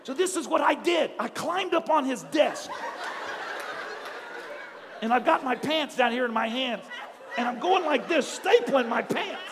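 A middle-aged man preaching in a church, his voice strikingly high as he tells a story and then builds to shouted exhortation. The sound carries a long hall reverb, with a faint congregation and low noise behind him. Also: animated, unhurried, long pauses, crowd noise. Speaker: pastor. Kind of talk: sermon. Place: church sanctuary.

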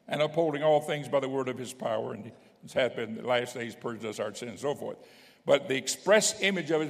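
A man preaching a sermon as a bishop, emphatic, with stumbling restarts and frequent checks that the congregation is following. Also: a little high. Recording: long hall reverb.

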